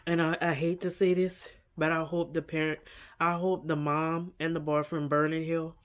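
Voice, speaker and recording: A woman's voice: deep voice, level tone, normal speed. A woman vlogger giving a casual, earnest reaction to a documentary. She repeats herself often and leans on "like" and "you know.".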